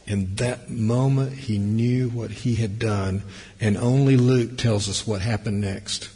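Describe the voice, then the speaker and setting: A man preaching a sermon, swinging between loud emphasis and hushed, near-whispered passages. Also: fairly low pitch, steady tone, slow, breathy edge. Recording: long hall reverb.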